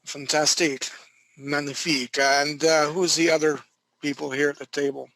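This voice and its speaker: A man doing a pompous French-Canadian executive in a bad, hammy French accent. The voice sits fairly high for a man. It is heard over an online voice call. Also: flat delivery, normal speed, pushed and bright, rough recording.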